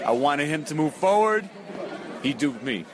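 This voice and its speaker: A man's voice: a little high, big pitch swings, measured pace. A man from the Bronx, a wrestler giving an emphatic post-match interview and repeating himself for emphasis. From the Bronx, New York. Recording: noisy crowd in the background.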